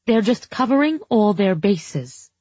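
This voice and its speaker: A woman voicing an anxious mother who sounds shrill and unconvincing, in a slightly dull recording. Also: sing-song, measured pace, darkish tone, no echo. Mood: reassuring.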